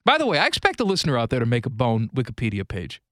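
Teasing man with a bright, lively voice. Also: medium pitch, very fast, no echo, studio quality. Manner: teasing, jokey. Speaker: radio show host. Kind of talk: casual on-air banter. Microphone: studio microphone.

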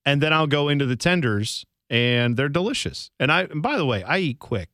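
Animated bright-voiced male radio co-host. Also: on the high side, a little fast, dry recording, studio quality. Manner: rambling, self-deprecating, animated storyteller. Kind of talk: casual radio chat.

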